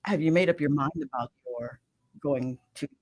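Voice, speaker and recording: Middle-aged woman guest, radio host herself; passionate testimony with sudden hushed drops, dry sound. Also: low voice, normal speed, dry recording, low-quality recording. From Mississippi. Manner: impassioned, swings from loud emphatic to hushed. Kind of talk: emotional personal testimony.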